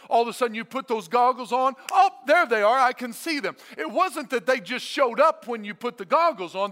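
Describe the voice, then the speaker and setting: A man preaching a sermon as a pastor, emphatic and energetic, repeating his phrases for effect. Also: very high voice, long reverb tail. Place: church sanctuary.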